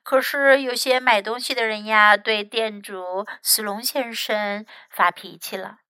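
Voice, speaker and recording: A woman English teacher reading a bilingual storybook aloud in an expressive, animated way. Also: medium pitch, a little slow, clear, resonant tone, no room sound, low-quality recording.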